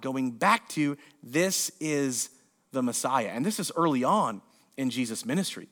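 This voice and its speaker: A man's voice: medium pitch, animated, measured pace, a bit bright. A male pastor preaching a sermon, reading scripture aloud and explaining it with casual, joking asides and voiced-out lines.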